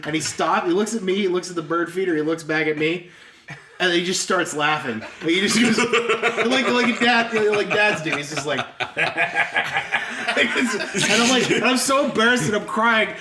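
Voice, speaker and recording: A man's voice: sits high, lively intonation, moderate pace. A man co-hosting a podcast, telling a rambling, self-deprecating story and laughing often. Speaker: podcast co-host. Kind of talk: casual storytelling chat. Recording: echoey room with background noise.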